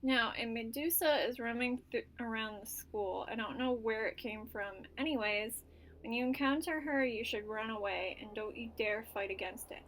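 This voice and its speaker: A woman's voice: on the high side, moderate pace, a bit bright, a little hiss or hum, lightly acted, rough recording. A woman voicing a stern male homeroom teacher in a game, giving firm instructions to a class. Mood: commanding.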